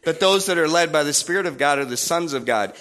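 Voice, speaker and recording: A man preaching a sermon in a playful, animated way, acting out little voices and sounds. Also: on the high side, fast.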